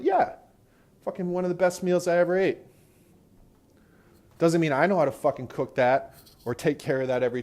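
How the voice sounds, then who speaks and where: A man's voice: on the high side, darkish tone. Profane ranting man. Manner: profane, ranting, heavy swearing. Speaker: podcast host. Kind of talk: rambling casual monologue. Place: in a car while driving.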